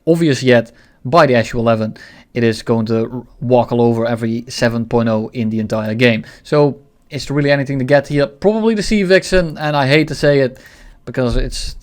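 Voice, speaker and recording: A man's voice: medium pitch, fairly quick. Blunt, swearing gaming commentator, man. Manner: blunt, opinionated, swears, ranting. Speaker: gaming video creator. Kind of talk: casual game commentary.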